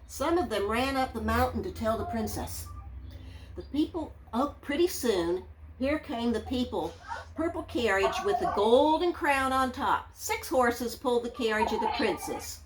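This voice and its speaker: A woman teacher reading a children's story aloud, gentle and drawn out, leaning into the sound words. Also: on the high side, animated, moderate pace, noisy background.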